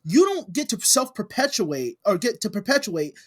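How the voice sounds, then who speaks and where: Blunt, foul-mouthed co-host: mid-pitched, with a voice that swoops up and down. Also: big pitch swings, moderate pace. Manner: blunt, heavily profane. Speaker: podcast co-host. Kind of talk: casual chat.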